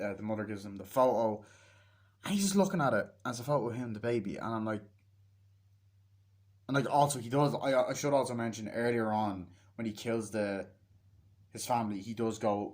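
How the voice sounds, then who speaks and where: A man giving a casual, rambling film recap. He swears often and acts out the characters' lines in quick put-on voices. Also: fairly low pitch. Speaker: movie reviewer.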